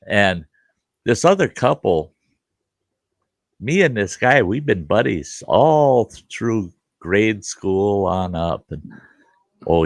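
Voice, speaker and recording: Slow gravelly male joke-teller. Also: low-pitched, no room sound, clean studio sound. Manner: joking storyteller, acts out voices in his tale. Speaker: host. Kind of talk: casual storytelling chat.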